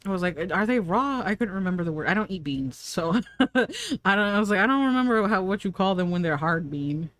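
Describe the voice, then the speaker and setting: A woman's voice: mid-range voice, expressive, a little fast, a bit bright, no echo. A woman streamer chatting casually while she draws, rambling from thought to thought, laughing often and answering her chat.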